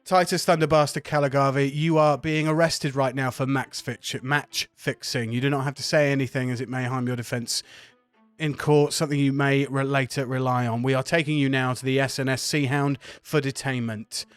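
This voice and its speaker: A man's voice: medium pitch, fairly even intonation, moderate pace, smooth, dry recording, soft background music, close to an everyday voice. A man voicing a stern male naval officer who gives clipped, threatening orders.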